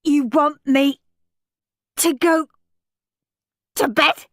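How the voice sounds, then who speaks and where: A woman voicing a bratty, demanding young boy who whines and shouts in a storybook reading. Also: a little high, sing-song, takes it slowly, dry recording, studio quality, pitched above the performer's own voice, exaggerated voice.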